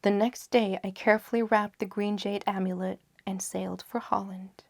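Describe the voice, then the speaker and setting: A woman narrating a gothic tale in a low, hushed voice that often drops into a half-whisper. Her pitch sits in an ordinary middle range, and the recording is close and dry with no room sound. She lingers over phrases for dramatic weight. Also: flat delivery, normal speed, creaky, no echo. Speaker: audiobook narrator. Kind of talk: gothic story reading.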